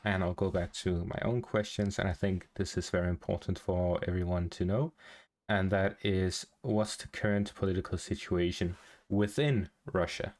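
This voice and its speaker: A man hosting a livestream, putting questions to a guest in a steady, even delivery. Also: sits low, normal speed. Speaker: stream host and interviewer. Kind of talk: livestream interview.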